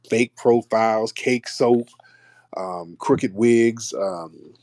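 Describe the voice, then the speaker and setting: A man's voice: on the low side, a little mellow, dry recording. A man hosting a live call-in stream, talking in a brash, mocking way with blunt slang. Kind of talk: casual live call-in banter.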